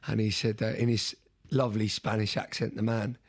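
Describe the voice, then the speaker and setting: Young guy on a podcast, kinda husky voice, earnest, keeps restarting his sentences. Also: on the low side, flat delivery, a little fast. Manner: earnest, restarting and repeating words. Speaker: podcast guest. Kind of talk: storytelling in conversation.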